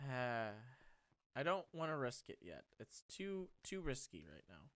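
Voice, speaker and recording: A man thinking aloud while playing a game, excitable and quick to swear, moving from low mutters to sudden excited outbursts. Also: no echo. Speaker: Let's Play host. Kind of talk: gameplay commentary.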